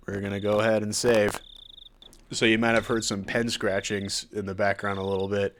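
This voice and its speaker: A man's voice: lowish voice, level tone, moderate pace, fairly bright tone, slight background noise. Fields: Sex: man. Role: let's-play host. Style: reading a visual novel aloud in casual game narration. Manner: casual, offhand, sometimes swearing.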